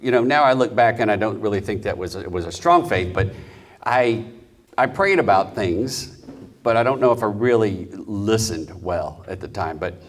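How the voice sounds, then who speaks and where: A man's voice: fairly low pitch, lively intonation, moderate pace. A middle-aged man from Texas, a comedian guest, telling his career story in a candid, self-deprecating way. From Houston, Texas. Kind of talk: conversational life story.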